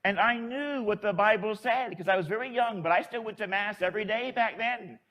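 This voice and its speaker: An older man and priest telling a chatty, animated story in a sermon. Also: sits high, a little fast.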